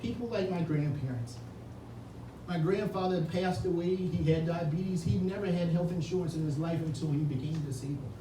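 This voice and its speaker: A man's voice: fairly high pitch, moderate pace. A man giving an earnest, emotional campaign speech at an indoor reception, tearful and repeating words when moved. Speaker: political candidate. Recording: echoey room, distant mic, ambient noise.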